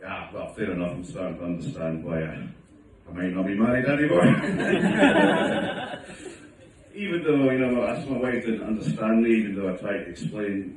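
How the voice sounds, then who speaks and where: A man's voice: animated, normal speed, a little hiss or hum. A middle-aged man doing a self-mocking stand-up routine, sometimes putting on his wife's voice. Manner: wry, self-mocking, acts out his wife in a higher voice. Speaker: stand-up comedian. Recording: distant phone recording in an echoey room. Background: audience laughter.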